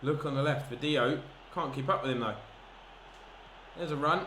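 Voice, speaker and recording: An excitable man talks through his football video game match at a middle pitch, narrating every pass and yelping when a chance comes. His voice rings around an echoey room with steady noise behind it. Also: moderate pace. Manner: excitable, bursts into shouts at chances. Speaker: gaming commentator. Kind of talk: live football game commentary.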